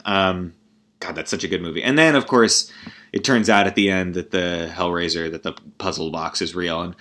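A man's voice: sits low, pushed and bright. A man ranting casually about a movie, rambling and profane, with sarcastic laughing asides. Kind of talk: casual comedic movie rant.

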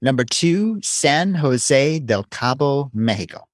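A man's voice: medium pitch, animated, slow pace, no room sound. Dry-humored man reading out a list. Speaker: co-host. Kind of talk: casual chat.

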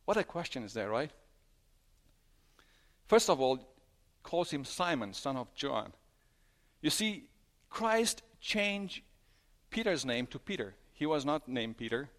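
A man preaching a sermon, retelling a story with animated storytelling and acted-out dialogue. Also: fairly high pitch, takes it slowly, long pauses. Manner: animated storytelling, acting out dialogue with big swings in loudness. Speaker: pastor.

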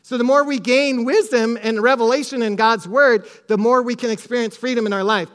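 Very high-voiced preaching man. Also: fairly even intonation, normal speed, hardly any pauses, a bit bright, smooth. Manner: emphatic preaching with repetition and scripture references. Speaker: pastor. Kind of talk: sermon.

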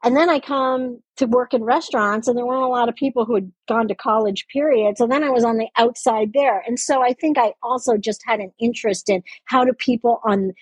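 Husky-voiced older woman, faint Canadian accent. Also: fairly high pitch, steady tone, a little fast, few pauses, dry recording. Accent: light Canadian. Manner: rambling, self-correcting, laughs at herself. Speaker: interview guest. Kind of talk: reflective interview talk.

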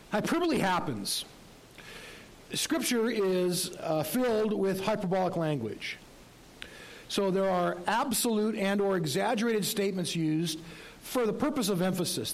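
A man's voice: high voice, expressive, measured pace, low-quality recording. A male pastor preaching a sermon in a conversational way, with rhetorical questions and light humor.

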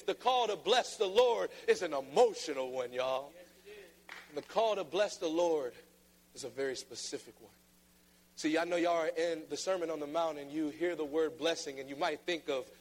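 A man preaching a sermon, playful and then emphatic, often mimicking flat reading voices. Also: a little high, moderate pace. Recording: long reverb of a large hall.

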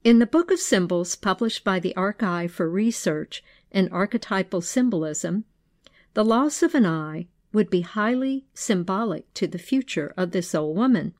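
Measured woman storyteller, dry close sound. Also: mid-range voice, expressive, darkish tone, no echo. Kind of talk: storytelling narration, then reflective commentary.

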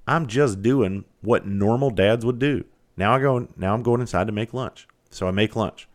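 A middle-aged man with a very low voice, sitting back and talking straight to his listeners. He rambles through a candid story from home, restarting sentences and swearing freely as he goes. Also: moderate pace. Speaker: podcast host. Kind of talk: candid monologue.

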